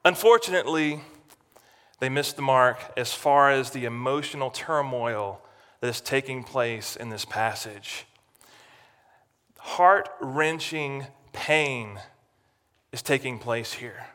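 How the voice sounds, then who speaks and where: A man preaching a sermon as pastor, dramatic, swinging from loud to near-hushed. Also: medium pitch, takes it slowly, clean tone, long reverb tail.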